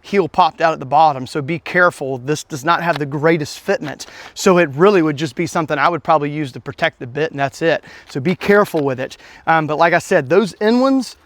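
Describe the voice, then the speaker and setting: Channel host, man, chatty and folksy product reviewer, slightly raised pitch. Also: brisk, hardly any pauses, a bit bright. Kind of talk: casual hands-on product review.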